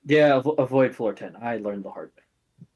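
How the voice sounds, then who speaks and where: A man voicing a father in a tabletop game who reassures his son in quick, hushed words. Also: mid-range voice, husky, lo-fi sound, close to an everyday voice. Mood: reassuring.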